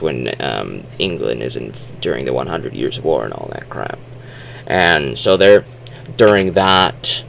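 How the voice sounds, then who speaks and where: A man's voice: low-pitched, vocal fry, a little hiss or hum. A man casually recapping a movie, rambling with sarcastic asides and self-deprecating remarks.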